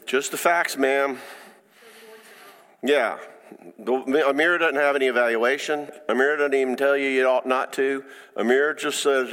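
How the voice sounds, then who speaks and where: A man's voice: mid-range voice, steady tone, a bit bright. Man teaching in a reverberant hall. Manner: conversational, halting, with frequent restarts. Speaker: counselor. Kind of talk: informal faith-based teaching talk.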